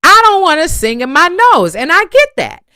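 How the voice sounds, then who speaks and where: A woman's voice: very high-pitched, wildly swooping pitch, normal speed, pushed and bright, no echo, clean studio sound. A woman voice teacher giving an online singing lesson, encouraging her students and breaking into sung phrases and vocal exercises.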